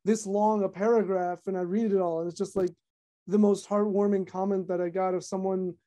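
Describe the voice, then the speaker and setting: A young female content creator chats casually on a podcast at a medium pitch. She talks fast, uses lots of fillers, and retells events in an animated way.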